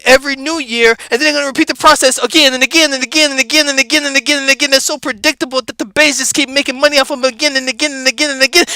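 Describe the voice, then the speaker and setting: Guy doing a smoky-style high squeaky voice, preachy rant, dry close sound. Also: no echo, heavily acted. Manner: animated, preachy, repeats words rapidly. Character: laid-back high-voiced street-talking comedic guy. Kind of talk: animated motivational rant.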